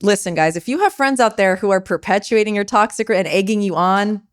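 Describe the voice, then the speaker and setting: A woman's voice: medium pitch, fairly quick, dry recording, clean studio sound. A woman hosting a podcast interview, chatty and encouraging, sometimes turning to speak to her listeners. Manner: chatty, encouraging, talks to the audience. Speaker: podcast host. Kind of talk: conversational interview.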